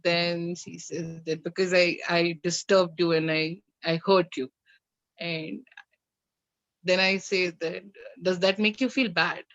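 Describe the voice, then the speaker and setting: A woman's voice: fairly low pitch, dry recording. Woman guest, candid storyteller, slightly muffled lo-fi video-call audio. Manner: animated, recounts with acted-out dialogue and laughs. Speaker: guest, mother and coach. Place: home. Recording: slightly dull lo-fi sound.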